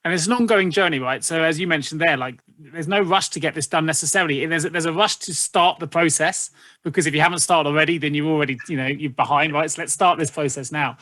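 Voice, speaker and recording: Higher-voiced male podcast host, dry sound. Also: quick pace, pushed and bright, dry recording. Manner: thoughtful, long questions with fillers. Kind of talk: interviewer asking questions.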